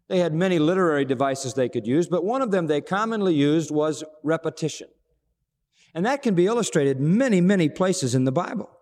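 Animated male preacher in a reverberant hall. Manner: dramatic, acts out quoted dialogue, swings from hushed lows to ringing highs. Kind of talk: sermon.

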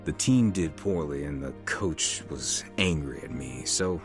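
A middle-aged man calmly narrating his own life story as a testimony. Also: rumbling low, a little slow. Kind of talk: testimony narration over music. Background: music.

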